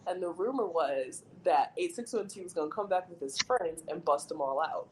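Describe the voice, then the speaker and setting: On a laid-back podcast, a young woman with a lowish voice and normal speaking speed recounts a story, peppering it with "like" and animatedly performing the quoted voices. The recording sounds poor.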